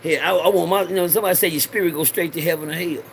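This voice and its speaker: High gravelly man, preachy rambling vlog. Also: racing, a little hiss or hum. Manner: preachy, repeats lines for the audience to say along; loose Southern street slang, swears freely. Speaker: vlogger. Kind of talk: rambling personal monologue.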